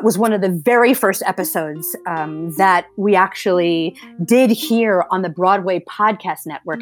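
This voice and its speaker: A woman hosting a podcast, speaking earnestly to listeners in a casual intro with many ums. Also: mid-range voice. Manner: earnest, with frequent ums and uhs. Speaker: podcast host. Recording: faint guitar music underneath.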